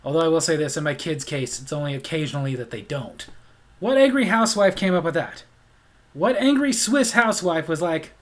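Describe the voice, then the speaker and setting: A man's voice: fairly high pitch, animated, brisk, fairly bright tone, soft background music. A man hosting a comedic monologue, ranting in an incredulous, sarcastic way. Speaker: vlog host.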